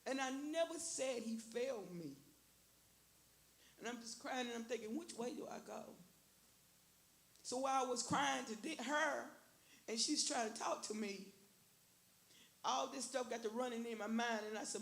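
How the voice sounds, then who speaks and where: Lady giving her testimony at church, gravelly voice, lots of repeating herself, echoey room. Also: a little high, moderate pace, pauses often. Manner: earnest, repeats phrases, quotes herself and her prayers. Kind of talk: emotional personal testimony in church. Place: church sanctuary. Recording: echoey church with faint hiss.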